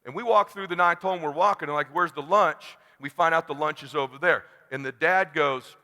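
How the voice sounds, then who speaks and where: A middle-aged man from California giving a motivational talk, blunt and animated, acting out the dialogue as he tells a personal story. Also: a little high, a little fast, hardly any pauses. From California, USA. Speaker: keynote speaker. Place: large conference hall. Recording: long hall reverb.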